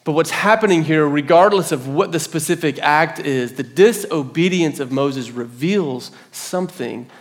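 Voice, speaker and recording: A man in his thirties preaches from the pulpit in a slightly higher than usual voice. He tells stories and slips into the voices of the people he quotes, then goes back to explaining. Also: moderate pace, hardly any pauses. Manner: storytelling, acts out quoted voices. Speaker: pastor. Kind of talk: sermon. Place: church hall.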